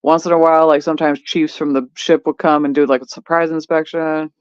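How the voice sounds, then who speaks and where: A fairly high voice speaking bluntly and profanely, laughing often through casual chat. The sound is dull and lo-fi, dry with no room around it. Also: male voice, flat delivery, brisk, clear, resonant tone, no echo. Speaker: veteran podcast co-host.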